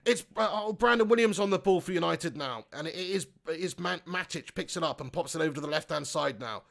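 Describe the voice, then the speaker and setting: A man hosting a live football watch-along, reading out chat comments and shouting at the big chances. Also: fairly high pitch, fairly quick, vocal fry.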